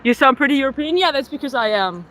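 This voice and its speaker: A German woman from Berlin chats fast and expressively with her livestream viewers, walking city streets with a phone on a selfie stick and peppering everything with "like." She has a German accent and a high, fairly bright voice. Faint traffic and street noise sit under a rough recording.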